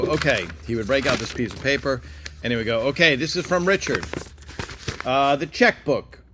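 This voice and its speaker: A man's voice: mid-range voice, fairly bright tone. A man hosting a casual livestream, rambling and chatty as he answers viewer questions with many fillers and asides. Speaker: livestream host.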